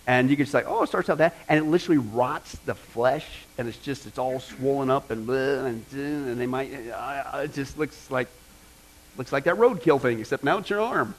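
A man preaching a sermon to a congregation, animated and joking, often asking the audience questions and painting vivid pictures. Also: mid-range voice, moderate pace, rough recording. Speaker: pastor.

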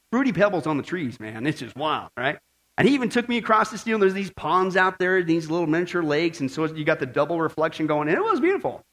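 Animated high-voiced man preaching. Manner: animated, swinging from loud exclaiming to hushed prayerful tones. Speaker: pastor. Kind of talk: sermon.

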